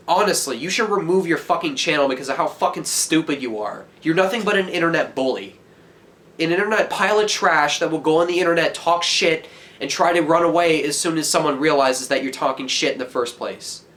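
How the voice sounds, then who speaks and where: A teenage guy's voice sitting a little high for a man, heated and full of swearing. He rants straight into the camera and yells at it. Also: normal speed. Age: teens. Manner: heated, profane, yelling. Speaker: vlogger. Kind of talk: angry rant to camera.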